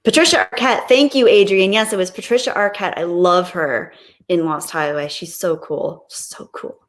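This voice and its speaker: A woman's voice: fairly low pitch, normal speed. A woman hosting a live stream, chatting casually and reading out viewer messages, gushing with thanks and giggling often.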